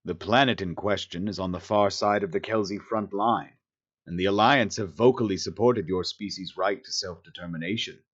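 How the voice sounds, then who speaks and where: A man voicing a polite, soft-spoken male alien who talks in a conciliatory, apologetic way with a deep rumbling voice. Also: moderate pace, muffled recording. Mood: informative.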